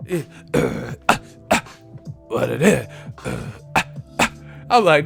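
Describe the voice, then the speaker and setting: A man's voice: mid-range voice, normal speed, fairly bright tone, soft background music. A man hosting a casual live stream, telling profane stories and laughing often.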